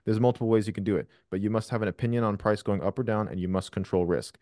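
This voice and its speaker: A man's voice: on the low side, fairly even intonation, fast, dark tone, no echo, studio quality. A man hosting a live trading question session over a video call, blunt and profane with emphatic explanations. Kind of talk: live Q&A coaching.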